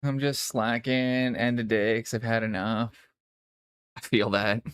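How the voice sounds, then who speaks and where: A man's voice: lowish voice, fairly even intonation, measured pace, fairly bright tone, clean tone, dry recording, studio quality. A young man from Canada's West Coast with a mild Western Canadian accent, chatting casually on a live stream while he paints miniatures, in a laid-back, mumbling way with casual swearing.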